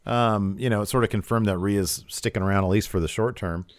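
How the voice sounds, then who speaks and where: A man talks through a wrestling recap in casual chat, full of "uh" and "um". His voice is smooth and clear. The sound is dry and close, with no room in it. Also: lowish voice, fairly even intonation, fairly quick, no echo. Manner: retells events with many fillers, acts out quotes. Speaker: podcast co-host recapping wrestling.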